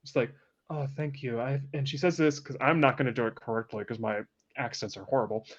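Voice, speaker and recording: A man narrating a tabletop roleplaying game as game master, describing scenes in a lively, chatty way. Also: medium pitch, brisk, lo-fi sound. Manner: lively, descriptive, laughs easily.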